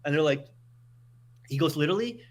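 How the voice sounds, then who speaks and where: This podcast guest from Montreal, Canada, speaks in a mid-range voice at a brisk clip. His casual anecdotes are lively, and he keeps restarting sentences and repeating words.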